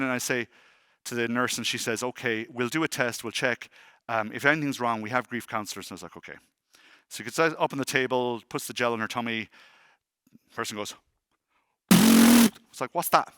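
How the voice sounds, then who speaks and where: A man, in his thirties or forties, giving a conference talk as an animated, self-deprecating storyteller who acts out the dialogue. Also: medium pitch, no room sound, clean studio sound. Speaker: conference speaker. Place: conference hall stage.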